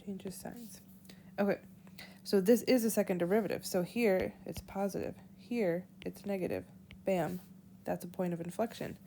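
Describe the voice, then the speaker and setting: A woman teacher giving a whiteboard math lesson, walking through each step slowly and aloud. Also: medium pitch, fairly even intonation, dark tone, a little hiss or hum. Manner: slow, deliberate, walks through steps aloud. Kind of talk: whiteboard lesson explaining calculus.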